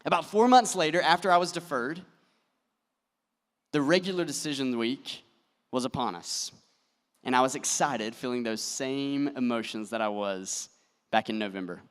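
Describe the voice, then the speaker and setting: A young man giving a motivational speech at a convention, telling a story and dropping soft and slow for emphasis. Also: medium pitch, clean tone. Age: young adult. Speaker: convention speaker. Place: large convention hall. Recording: long reverb from a large hall.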